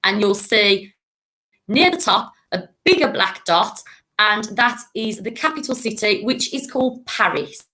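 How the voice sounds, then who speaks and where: A woman's voice: mid-range voice, lively intonation, a little slow, bright, forceful tone. Woman teaching young children. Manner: clear, patient, encouraging teacher's voice. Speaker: primary school teacher. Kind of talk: recorded classroom lesson for children.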